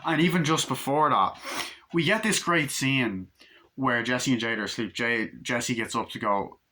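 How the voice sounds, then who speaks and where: An excitable young man in his twenties rattles through a film recap, swearing freely and rambling from scene to scene. His voice is bright and forceful at an ordinary pitch for a man. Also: moderate pace. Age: 20s. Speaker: movie reviewer.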